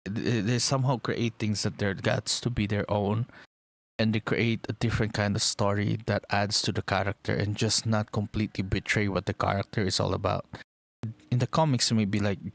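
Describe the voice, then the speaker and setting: A man's voice: lowish voice, vocal fry, no room sound. A young man rambling in casual chat, enthusiastic and swearing casually as he talks about a TV series. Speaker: vlogger.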